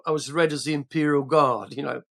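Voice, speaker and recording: A man's voice: a little high, fairly even intonation, brisk, creaky, a bit bright. An older man from England, a podcast guest telling rambling anecdotes in a casual way, full of restarts and fillers.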